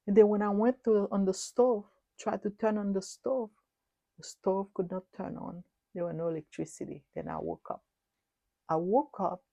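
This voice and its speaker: A middle-aged woman delivering a prophetic sermon. She speaks earnestly and repeats herself, swinging between loud and hushed. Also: mid-range voice, vocal fry, dry recording. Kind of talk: prophetic sermon recounting a dream.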